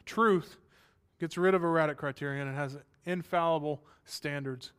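A male pastor delivering a sermon in a smooth, clear voice that sits a little high for a man. He talks earnestly, building to emphatic passages, and mixes in dry, offhand asides. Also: moderate pace, fairly bright tone.

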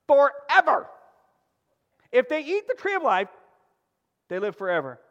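A man preaching a sermon, emphatic and asking the congregation questions, swinging from loud exclamations down to a near-hush. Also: very high voice, big pitch swings, a little slow, in a large hall, highs cut off. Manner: emphatic, call-and-response preaching with sudden drops to a hush. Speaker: pastor.

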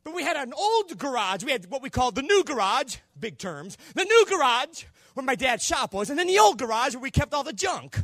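An older man preaching a Pentecostal sermon in a very high, lively voice that climbs and drops sharply. He swings from near whispers to shouts as he acts out his story. The sound is dry and close. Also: fairly quick, few pauses, dry recording. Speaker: pastor.

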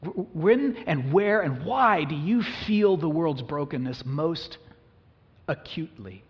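A man preaching a sermon as a pastor, earnest and emphatic, his voice rising suddenly to loud peaks. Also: fairly high pitch, expressive, slow pace. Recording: muffled, reverberant hall recording.

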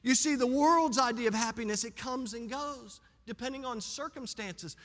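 High, bright-voiced fervent preacher man. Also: normal speed, big-room sound. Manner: fervent preaching, rising to shouts and calling out to the congregation. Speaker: pastor. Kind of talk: sermon.

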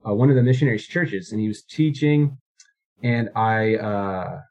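A man's voice: on the low side, normal speed, darkish tone. A man in his thirties, a guest recounting his life story in a casual interview, rambling with many fillers and restarts.

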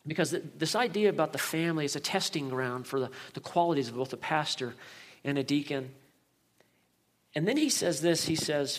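Man preaching a sermon, fairly high-pitched, earnest, middle-aged, repeats words. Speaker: pastor.

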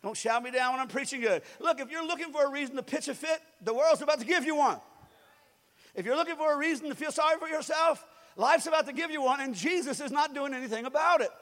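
A man preaching a sermon in a church, talking casually and joking with the congregation, then building to shouted lines. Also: extremely high pitch, fast. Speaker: pastor. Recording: long hall reverb.

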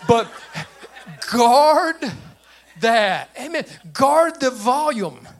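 An older man, a grandfather, preaching a sermon to his church in an animated, plain-spoken way. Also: very slow. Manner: animated preacher with a light, high voice and plain speech. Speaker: pastor.

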